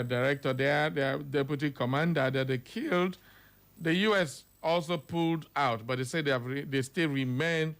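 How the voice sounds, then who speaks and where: A Nigerian man hosting a radio phone-in show, calming callers and reading the latest news. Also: medium pitch, clear, resonant tone. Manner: soothing, repeats himself to calm callers.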